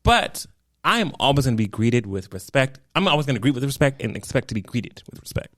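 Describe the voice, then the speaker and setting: A man in casual podcast banter, his pitch jumping around as he acts out scenes with blunt, theatrical flair. The sound is dry and close, with no room behind it. He swears freely and never holds back. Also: fast talker, dry recording. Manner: animated, theatrical storytelling with acted-out reactions. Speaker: podcast co-host. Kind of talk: casual chat.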